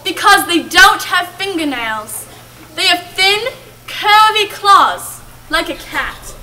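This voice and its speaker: A woman's voice: very high voice, expressive, sharp tone, exaggerated voice. A woman playing a doting grandmother telling witch lore. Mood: ominous. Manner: slow, dramatic storytelling with emphatic drawn-out words. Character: old grandmother warning of witches, storytelling, doting. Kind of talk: amateur stage play. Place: camp stage, audience hall. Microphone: far camera in the audience. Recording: distant camera, faint hiss.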